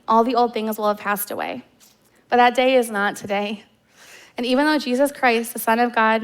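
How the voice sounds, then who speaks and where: Woman in her 30s, Midwestern American accent, preaching from the stage, heartfelt and storytelling, slightly higher voice. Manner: heartfelt storytelling with casual fillers. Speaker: guest preacher. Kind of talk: personal sermon. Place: church stage.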